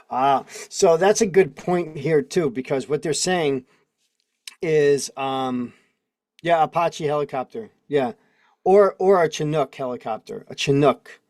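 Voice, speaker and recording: A man's voice: mid-range voice, a little mellow, dry recording, clean studio sound. A man in his forties hosting a casual livestream, rambling and laughing as he reads legal text aloud and comments. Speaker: host. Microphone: video call mic.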